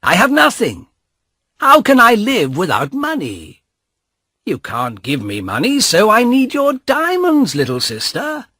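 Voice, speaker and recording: A man's voice: sits high, huge pitch swings, unhurried, pushed and bright, no echo, studio quality, pitched above the performer's own voice, full character voice. A man doing a mocking, greedy young man. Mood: taunting.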